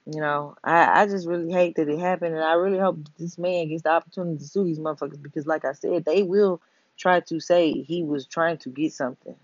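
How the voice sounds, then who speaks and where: A blunt, emphatic speaker rants to the audience with plenty of profanity and keeps checking in with "you know what I'm saying". The voice sits mid-pitch, and the audio is dull, lo-fi and dry. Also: no room sound. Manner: blunt, emphatic, addresses listeners directly. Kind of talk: profane social-commentary rant to camera.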